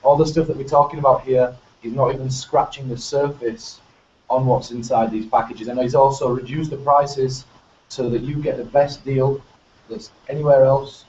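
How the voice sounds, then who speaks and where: A man's voice: medium pitch, steady tone, moderate pace, a little mellow. A man with a Northern English accent hosting a casual panel chat. He talks enthusiastically and rambles, with frequent restarts. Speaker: host. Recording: echoey, distant, muffled with faint noise.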